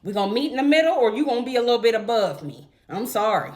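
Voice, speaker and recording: A woman's voice: on the high side, very animated, fast, a little mellow. Young woman, vlogger, blunt, cussing, emphatic storytime rant.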